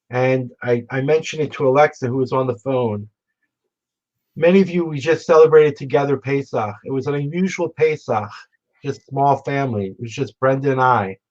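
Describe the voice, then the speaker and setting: Man reminiscing at a memorial, stops and restarts a lot, muffled lo-fi broadcast sound. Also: mid-range voice. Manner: halting, reflective, frequent restarts. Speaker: memorial speaker. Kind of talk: storytelling remembrance. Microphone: remote broadcast.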